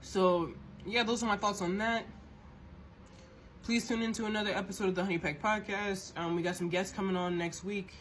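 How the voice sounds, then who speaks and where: A woman's voice: medium pitch, steady tone, moderate pace, slight background noise. A woman hosting a podcast, ranting in a heated, profane monologue and often repeating and restarting words as she gets worked up. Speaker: podcast host.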